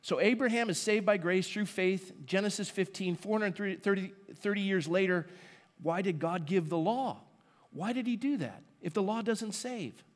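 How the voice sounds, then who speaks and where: Male pastor, fairly high voice, chatty sermon delivery with rhetorical questions. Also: moderate pace. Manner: conversational preaching with rhetorical questions; asides to the congregation.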